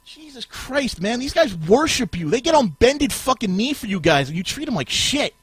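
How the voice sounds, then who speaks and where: A man hosting a podcast, ranting furiously and swearing, with shouted bursts. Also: very high voice, very animated, normal speed, breathy edge, no room sound. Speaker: podcast host. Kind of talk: profane ranting podcast talk.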